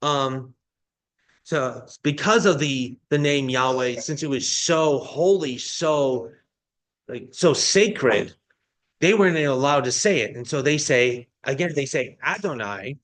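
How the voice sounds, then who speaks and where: A man's voice: medium pitch, takes it slowly, fairly bright tone. A male pastor delivering a sermon, explaining a Bible passage in a teaching manner with frequent restarts.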